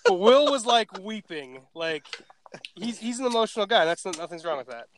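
Teasing man on a podcast, raised pitch. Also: sing-song. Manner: teasing, quick to reassure. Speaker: podcast co-host. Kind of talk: casual chat.

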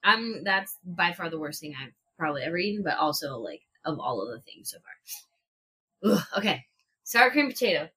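Her voice is bright, husky and lowish, with a sing-song quality at a moderate pace. This woman co-hosting a podcast chats casually while taste-testing food, swearing and reading prices aloud as she browses, on a podcast mic in a shared room.

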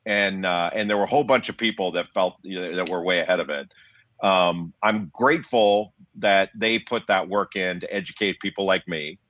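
A man in his fifties with a lowish voice lays out his views in a steady, reasoned way, often restarting his sentences as he thinks. The sound is dull and lo-fi, with a dry, close feel and no room around it. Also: dry recording. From United States. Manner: measured, reasoned, frequent restarts. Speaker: guest, basketball analyst. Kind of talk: interview conversation.

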